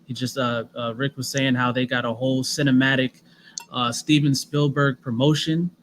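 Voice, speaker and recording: A man's voice: mid-range voice, little pitch movement, moderate pace, slight background noise, poor audio. A man co-hosting a boxing podcast, talking in a rambling casual way with fillers and restarts. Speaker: podcast co-host. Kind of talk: casual sports chat.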